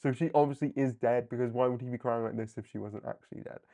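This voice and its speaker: Animated man reviewing comics live. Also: mid-range voice, vocal fry. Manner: animated, laughing, acts out characters in quick asides. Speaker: comic book livestream host. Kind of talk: casual live commentary.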